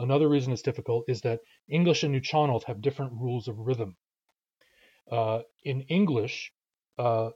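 A man with a mellow, relaxed tone teaches a language lesson, patiently counting out syllable rhythms aloud. The recording sounds a little dull and lo-fi. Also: medium pitch.

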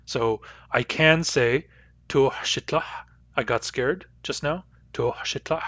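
A man teaching a language lesson, repeating each example word slowly and carefully. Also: mid-range voice, a bit bright, no room sound. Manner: slow, careful repetition of example words.

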